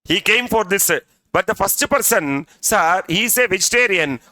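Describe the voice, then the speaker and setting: Here the same kind of speaker, a middle-aged CA exam tutor, lectures a class with stories in a chatty style, often checking whether students follow with "are you with me" and peppering in "sir." He sounds high and animated at a normal speed, with a bright, forceful tone, recorded dry.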